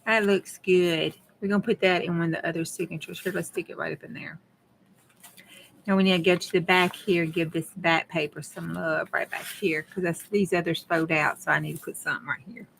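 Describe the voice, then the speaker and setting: A woman's voice: lowish voice, fairly even intonation, a little fast, vocal fry, fairly bright tone, slight background noise. A middle-aged woman, chatting to her viewers in a folksy way while she works on a craft project. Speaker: craft vlogger. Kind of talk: casual chat while crafting.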